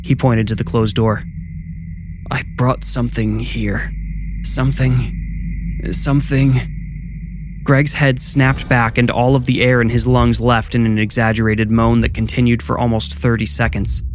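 A man narrating a scripted first-person horror story in a measured, low-key way. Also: flat delivery, background noise. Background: music.

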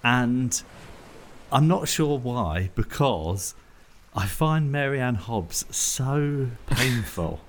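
A man co-hosting a comedy podcast, talking in an animated, rambling way and laughing at himself. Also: medium pitch, drawn-out words. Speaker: podcast co-host. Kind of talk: casual comedic chat.

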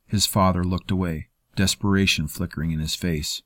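A man reading a fantasy story in measured, scripted narration. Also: deep voice, fairly even intonation, dry recording, clean studio sound. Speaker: audiobook narrator.

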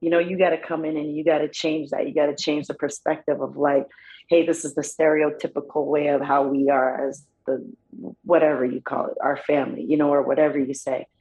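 A woman's voice: low-pitched, little pitch movement, a little fast, warm tone, dull audio. A woman, a guest on a podcast, chatting casually in a loose, slangy way, often saying "bro" and "you know what I'm saying.". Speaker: podcast guest, pro wrestler. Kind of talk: casual interview chat.

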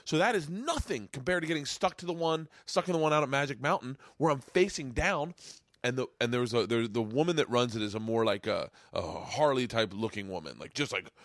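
A man hosting a podcast, telling a story with excitement, swearing often and acting out the people in it. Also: mid-range voice, fairly quick, dry recording, clean studio sound. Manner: excitable, swears a lot, acts out voices in stories. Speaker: podcast host. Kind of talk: casual chat, animated storytelling. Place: home man cave studio.

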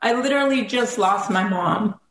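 A woman's voice: mid-range voice, normal speed, fairly bright tone. A middle-aged woman from South Carolina, a singer and ring announcer, reminiscing heartfelt and emotional as an interview guest. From South Carolina, USA. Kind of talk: conversational interview. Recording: echoey room, faint background noise.

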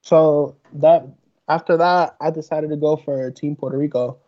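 A man guesting on a talk show, soft-spoken and hesitant, with many fillers. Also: fairly high pitch, fairly even intonation, normal speed, muffled recording. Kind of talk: casual interview.

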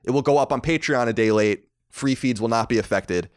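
A man from New York with a mostly faded New York accent, hosting a casual podcast in a fast, sardonic, animated way. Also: mid-range voice, smooth. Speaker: podcast host.

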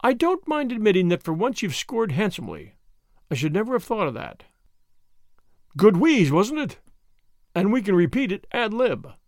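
Casting: man reading as a lively young woman sleuth, eager and brisk, raised and very lively pitch, dry close sound. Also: no room sound. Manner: eager, brisk, quick to enthuse. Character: spirited impatient young woman adventurer.

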